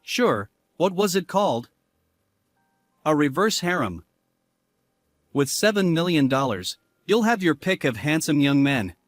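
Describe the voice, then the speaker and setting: A man's voice: on the high side, measured pace, long pauses, no room sound. Man voicing a blustering cheating husband. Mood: oblivious. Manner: lively, swinging between angry and begging. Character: selfish unfaithful husband, pleading and blustering. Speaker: husband character. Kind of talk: dramatized story dialogue.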